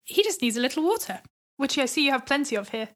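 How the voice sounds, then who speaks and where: A woman playing a tabletop role-playing game, with a high voice. She speaks politely and courteously to the other characters at the table. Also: big pitch swings, fast talker. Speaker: player.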